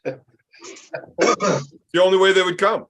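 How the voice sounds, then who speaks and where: A man's voice: high voice, level tone, moderate pace, fairly bright tone. A man hosting a casual podcast chat, blunt and swearing freely as he asks guests questions. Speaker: podcast host.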